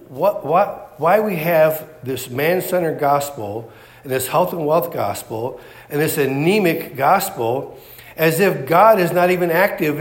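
Emphatic preacher man, slightly high voice. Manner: emphatic, rhetorical questions, repeats phrases. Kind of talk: sermon.

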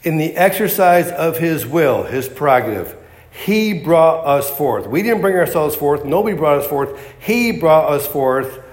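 A man's voice: on the high side, lively intonation, unhurried. A man preaching a sermon, emphatic and repetitive, firing off rhetorical questions.

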